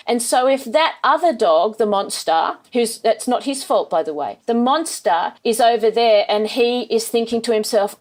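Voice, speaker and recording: Rambling animated woman dog trainer. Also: fairly high pitch, normal speed, few pauses. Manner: rambling, animated, acts out quotes. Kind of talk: casual podcast interview.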